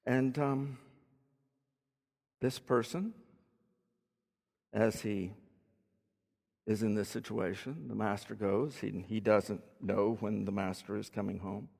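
A man's voice: on the low side, fairly even intonation, takes it slowly, vocal fry, pauses often, a little mellow, slightly rough. A man giving a teaching sermon in a conversational way, explaining words and asking his listeners questions. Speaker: preacher. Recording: long hall reverb.

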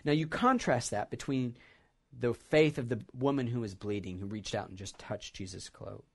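A man's voice: mid-range voice, animated, moderate pace, gravelly, breathy edge. A male pastor preaching a sermon, retelling a scripture passage as a story and reflecting on what it means.

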